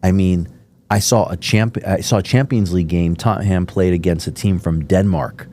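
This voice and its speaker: A podcast host from Miami speaks in a low, mellow voice at a moderate pace, with slight background noise. During a casual interview, he tells rambling, enthusiastic stories full of filler words.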